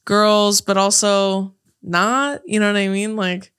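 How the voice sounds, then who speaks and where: A woman talks casually and quickly with a friend on a podcast. Her voice is bright and forward, with an easy middle pitch. She laughs between opinions. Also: fairly even intonation, clear, resonant tone. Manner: chatty, quick, laughing asides. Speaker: podcast co-host. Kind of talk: casual chat.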